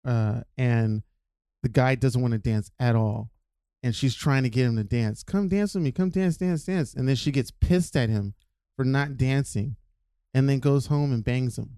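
A man ranting on a podcast, incredulous and animated, stacking up one question after another. His voice is smooth and clear. The recording is dry and close. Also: mid-range voice, moderate pace, no room sound. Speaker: podcast co-host. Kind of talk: casual podcast chat.

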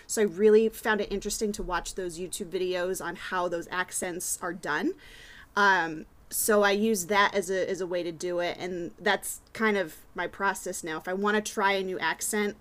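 A woman's voice: lowish voice, fairly even intonation, normal speed, a bit bright. A woman talking casually on a tabletop gaming panel, earnest and chatty, with frequent fillers and restarts. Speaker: podcast guest, tabletop player.

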